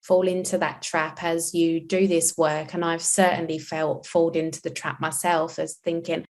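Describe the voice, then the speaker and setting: A woman's voice: low voice, little pitch movement, moderate pace. A woman hosting a podcast conversation about parenting, talking in an earnest, reflective way as a mother. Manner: earnest and reflective, acting out quoted lines.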